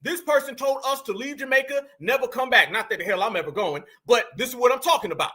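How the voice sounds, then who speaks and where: A man with a very high, piercing voice, delivering emphatic commentary like he's preaching. He speaks straight to his audience and pushes every point hard. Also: fast talker, sharp tone. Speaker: podcast host. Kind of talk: political commentary.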